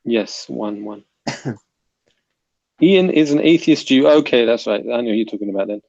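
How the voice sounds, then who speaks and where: South London man reading chat, gravelly. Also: mid-range voice, animated, moderate pace, darkish tone, highs cut off. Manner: reads viewer comments aloud, chatty and bantering. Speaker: livestream host reading chat. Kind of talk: casual livestream chat.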